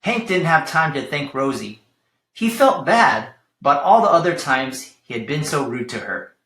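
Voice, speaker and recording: A man reading a picture book aloud to children in a gentle, encouraging way. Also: fairly high pitch, big pitch swings, moderate pace, echoey room. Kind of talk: storybook read-aloud for children.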